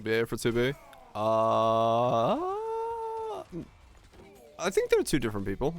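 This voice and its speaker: Streaming a game, a young man talks slowly in a mid-range voice marked by big swings in pitch. He chats casually with viewers and curses freely throughout.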